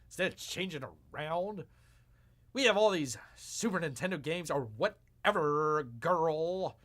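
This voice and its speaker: A man's voice: fairly high pitch, a little slow, fairly bright tone. A man hosting a live stream, reacting with sarcastic, mock-exasperated commentary. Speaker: streamer host.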